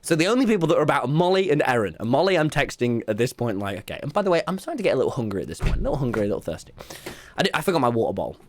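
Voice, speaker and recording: A young man, telling a story to his live stream chat in an excitable way, dropping to mumbled asides and rising to loud yelps, and swearing freely. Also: mid-range voice, rapid-fire, slight background noise. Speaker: livestreamer.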